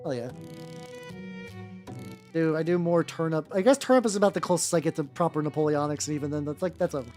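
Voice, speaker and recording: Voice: mid-range voice, fast, long pauses. A miniature-painting streamer chatting casually and rambling through tangents while painting. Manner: rambling and animated, full of fillers and tangents. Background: faint background music.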